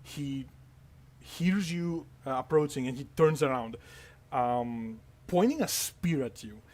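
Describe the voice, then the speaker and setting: A man's voice: medium pitch, lively intonation, takes it slowly, darkish tone. A man narrating as game master, rambling through details with many fillers and asides.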